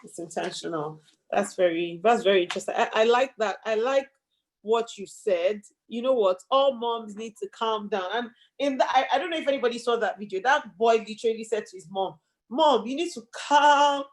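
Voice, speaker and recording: A woman hosts an interview, warmly affirming what her guest says before winding into long, rambling questions. Her voice sits a little higher than most. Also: a little fast. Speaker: host. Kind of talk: interview chat.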